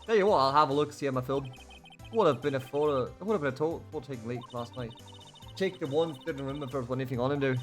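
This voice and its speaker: A man putting on a loud, drawling Southern gal. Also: mid-range voice, rapid-fire, soft background music, close to an everyday voice. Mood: boisterous. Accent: put-on American Southern. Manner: boisterous, drawling. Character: loud folksy young woman photographer. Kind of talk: voicing game dialogue on a livestream.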